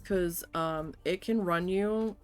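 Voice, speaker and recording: A woman's voice: on the low side, slow pace, faint music behind. A woman streamer telling a story in casual chat while she plays, blunt and swearing often. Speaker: game streamer.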